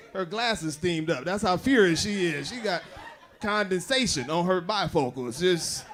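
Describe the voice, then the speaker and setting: A man emceeing a comedy night. His voice is a touch higher than most men's, and he jokes loudly with the crowd between the acts. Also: expressive, slow. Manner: loud, joking crowd banter. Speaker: comedy show host.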